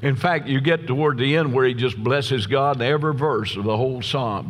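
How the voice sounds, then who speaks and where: Folksy preacher in an echoing church. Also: male voice, medium pitch, fairly quick, few pauses. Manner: folksy, tells jokes, asks the crowd "Amen?". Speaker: pastor. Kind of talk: sermon. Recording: long reverb from a large church hall.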